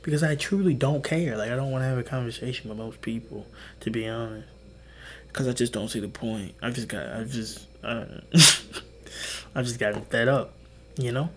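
Tired young man, mid-pitched, keeping his voice low and half-whispered; loose, profane solo podcast monologue over faint noise. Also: moderate pace. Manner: hushed, half-whispered rambling with swearing and laughs. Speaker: podcast host.

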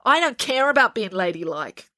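A woman's voice: on the high side, very animated, moderate pace, sharp tone, no echo, clean studio sound, pitched above the performer's own voice. A woman voicing a defiant teenage girl who sounds nasal and sarcastic.

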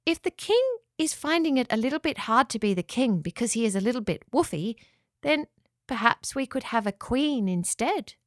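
A woman voicing a shy little girl who speaks quietly in a raised, higher voice. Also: very animated, normal speed, no echo, clean studio sound.

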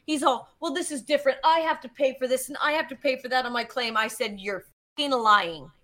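Bright high-voiced woman telling a story. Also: fast talker. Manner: animated, swearing, acts out quotes. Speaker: guest geologist. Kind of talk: casual storytelling.

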